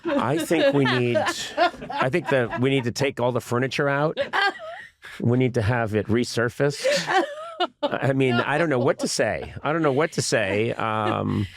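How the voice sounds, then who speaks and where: A man hosting a comedy podcast, riffing in mock exasperation and breaking into goofy high noises. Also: huge pitch swings, unhurried, creaky. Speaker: podcast host. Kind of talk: comedic casual chat. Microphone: studio podcast microphone, close.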